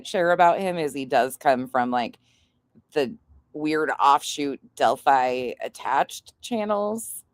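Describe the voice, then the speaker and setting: A woman hosts a casual livestream in a low, deep-set voice. Her sound is dry and close, with no room around it. She talks loosely, swears freely and laughs often. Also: dry recording. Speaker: livestream host. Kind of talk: casual commentary.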